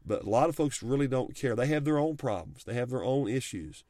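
A man's voice: mid-range voice, expressive, brisk, mellow, no echo, clean studio sound. A middle-aged man giving earnest, folksy advice on marriage and faith, speaking plainly with frequent restarts. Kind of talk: heartfelt talk on marriage and faith.

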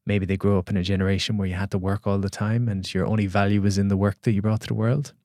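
A man, a podcast guest and coach, telling a reflective story in an earnest, halting way with repeated words. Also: on the low side, flat delivery, a little mellow, no echo, clean studio sound.

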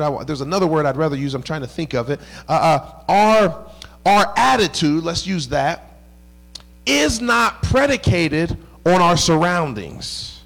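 High-voiced man preaching a conversational sermon. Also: fairly bright tone. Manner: conversational preaching, rising into emphatic bursts. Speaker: pastor.

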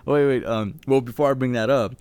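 A man's voice: medium pitch, fairly even intonation, brisk, darkish tone, smooth, no echo. A male podcast co-host in casual chat, laid-back, laughing often and giving short replies.

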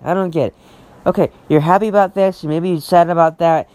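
A man's voice: fairly high pitch, steady tone, a little fast, warm tone. A man talking unscripted to camera, rambling and frustrated, repeating himself and restarting sentences, swearing as he gets worked up. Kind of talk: unscripted personal rant.

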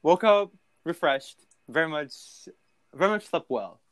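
A young man telling a story in a casual, animated and profane way, with a background. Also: on the high side, a little slow, dry recording, clean studio sound.

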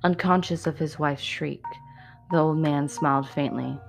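A woman reading a story aloud in a measured, dramatic narrating manner. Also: deep voice, steady tone, creaky, faint music behind.

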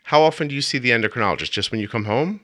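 A man's voice: mid-range voice, animated, very fast, sharp tone, dry recording, studio quality. A middle-aged man hosting a podcast, telling rambling jokey stories in casual chat. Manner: joking, rambling storyteller. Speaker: podcast host.

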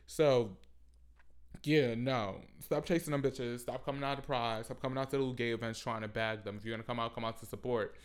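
A man hosting a casual solo podcast, talking loudly and animatedly with frequent swearing and mocking asides. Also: mid-range voice, steady tone, fairly quick, clear, resonant tone. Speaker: podcast host.

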